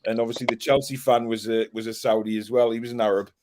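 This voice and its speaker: A man chatting on a live stream, rambling in animated bursts and restarting his sentences. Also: mid-range voice, quick pace, slight background noise. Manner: rambling, animated storytelling with repeated starts. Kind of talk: casual chat.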